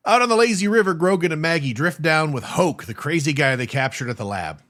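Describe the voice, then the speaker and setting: A man's voice: a little high, expressive, fairly quick, a bit bright. A man co-hosting a podcast, recapping a film's plot in casual chat with wry asides. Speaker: podcast co-host.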